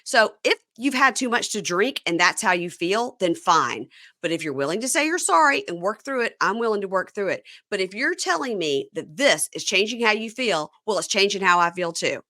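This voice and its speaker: Animated woman recapping reality TV. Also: medium pitch, moderate pace, dry recording, clean studio sound. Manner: animated retelling with acted-out quotes. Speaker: podcast host. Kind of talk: casual recap chat.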